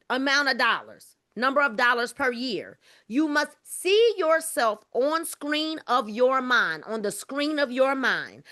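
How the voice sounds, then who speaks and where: A woman's voice: sits high, bright, forceful tone. A woman leading a motivational group video call, emphatic and preachy, repeating her phrases and calling the group y'all.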